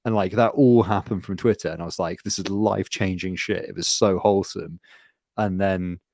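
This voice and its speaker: A man co-hosting a podcast, rambling and swearing through animated casual stories. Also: sits low, moderate pace, dry recording, clean studio sound. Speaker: podcast co-host. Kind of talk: casual chat.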